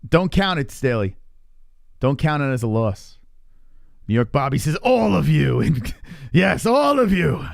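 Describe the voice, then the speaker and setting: A man's voice: mid-range voice, big pitch swings, unhurried, gravelly, pauses often, no room sound, studio quality. A man hosting a live stream, chatting casually and teasing his chat with lots of swearing. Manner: profane, teasing, rambling with restarts.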